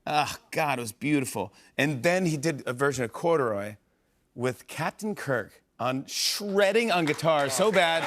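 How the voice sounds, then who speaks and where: A man's voice: medium pitch, moderate pace, a bit bright, a faint crowd, a little hiss or hum. A middle-aged man hosting a talk show, telling a rambling story with lots of fillers and laughs. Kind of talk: casual storytelling monologue. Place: TV studio stage.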